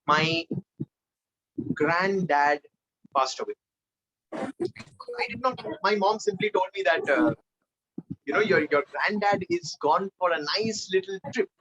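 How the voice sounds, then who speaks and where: A man leading a live online public speaking training, energetic and animated, swinging between loud and soft for emphasis. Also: high-pitched, unhurried, long pauses, background noise.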